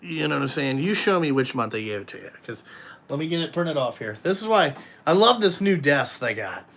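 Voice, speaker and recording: Brisk and lively, a slightly high, fairly bright male voice talks straight to viewers during a casual live chat. The speaker owns a trucking company and vlogs, and he's blunt and profane, wandering from one topic to another.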